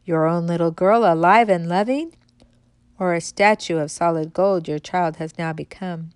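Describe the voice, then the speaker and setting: A woman voicing a mysterious stranger who asks measured, searching questions. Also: on the low side, a little mellow, clear, resonant tone, no echo, natural voice. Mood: probing. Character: mysterious stranger, calm, probing and wise.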